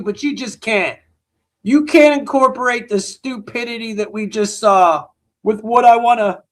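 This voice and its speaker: A man hosting a live stream, ranting loudly and excitably to his chat, hoarse from losing his voice. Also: very high-pitched. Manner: yelling, excitable, talks straight to chat.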